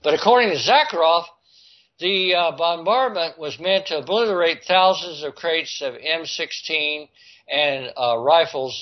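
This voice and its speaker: A man's voice: fairly high pitch, unhurried. A man reading out a news report and commenting on it, stumbling and restarting words as he goes. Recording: dull lo-fi audio.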